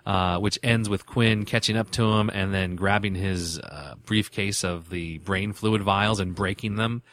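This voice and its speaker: A man co-hosting a podcast, chatting casually through an episode recap, animated and quick to laugh. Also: low voice. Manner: animated, laughs often, does quick voices when quoting. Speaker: podcast co-host.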